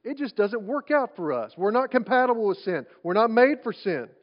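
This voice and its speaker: A man's voice: high-pitched, sing-song, moderate pace. A male pastor preaching a sermon in a conversational way, asking rhetorical questions and often restarting his phrases. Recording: dull lo-fi sound.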